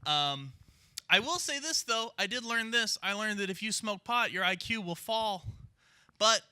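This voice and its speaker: A young man working a stand-up crowd in an underground club. His delivery is brash and profane, quick to slip into little character voices. The voice rides a touch high with a forceful, cutting edge, and the sound is close and dry. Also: expressive, clear, resonant tone, dry recording. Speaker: stand-up comedian. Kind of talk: stand-up comedy set. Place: underground comedy club with live audience.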